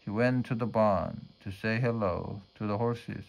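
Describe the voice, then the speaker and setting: A man reading a children's storybook aloud at a measured pace. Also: on the low side, creaky, a little mellow. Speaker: storybook reader.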